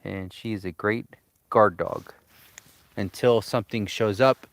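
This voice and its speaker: A man's voice: lowish voice, a little slow, no room sound. A man vlogging outdoors by a campfire at a remote cabin, talking in an easygoing, chatty way to his dog and to viewers. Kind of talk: casual live-stream chat.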